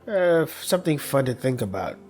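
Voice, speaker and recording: A male let's play host rambles through crude, casual anecdotes between lines of the game. His voice sits at an ordinary middle pitch and he often laughs at his own stories. Faint music plays underneath. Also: sing-song, brisk, a little mellow. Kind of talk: casual playthrough commentary.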